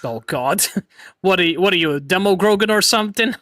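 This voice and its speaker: A man's voice: high voice, lively intonation, fairly quick, sharp tone, dry recording, clean studio sound. A young man hosting a casual streamed chat, laughing often and talking playfully. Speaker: VTuber streamer host.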